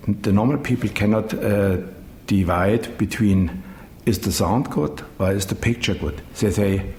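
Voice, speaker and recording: A middle-aged man who runs a dubbing studio, speaking English with a German accent in an interview, halting and searching for words. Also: a little mellow. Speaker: managing director of a dubbing studio. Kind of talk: interview answers. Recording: echoey room with faint rumble.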